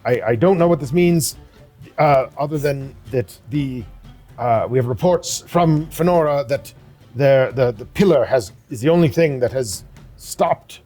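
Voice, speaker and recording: A man running a tabletop game as game master, narrating in a halting way with many restarts. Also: mid-range voice, dark tone, soft background music.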